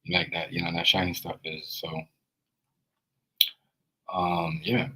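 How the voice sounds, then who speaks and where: A young man with a Jamaican accent and a deep, husky voice tells his own story casually. He rambles and restarts, leaning on fillers as he goes. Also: level tone, unhurried, sharp tone, rough recording. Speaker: video creator.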